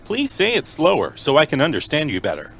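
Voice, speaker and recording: Deadpan mock phone-menu prank caller. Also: male voice, on the high side, fairly quick, vocal fry, breathy edge.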